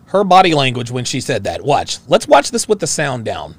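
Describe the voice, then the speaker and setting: A man's voice: medium pitch, wildly swooping pitch, normal speed. A man hosting a reaction show, ranting in a profane, emphatic way and repeating his phrases. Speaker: host. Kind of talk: reaction commentary rant.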